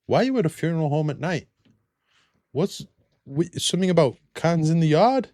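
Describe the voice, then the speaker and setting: Excitable British man, dry close sound. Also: fairly high pitch, moderate pace, dry recording. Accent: British English. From England. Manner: excitable, self-mocking, chatty. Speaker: reaction video host. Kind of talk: casual reaction commentary.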